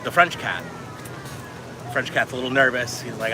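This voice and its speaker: A man's voice: medium pitch, steady tone, moderate pace. A man co-hosting outdoors at a theme park, telling a joke in a dry, self-mocking way. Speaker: co-host. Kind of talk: casual chat. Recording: loud crowd and outdoor noise.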